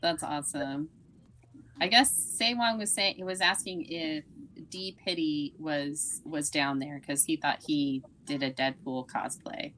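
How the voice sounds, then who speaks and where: Slow, low-voiced female co-host. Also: a bit bright, slight background noise, poor audio. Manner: short encouraging interjections. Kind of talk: casual podcast chat.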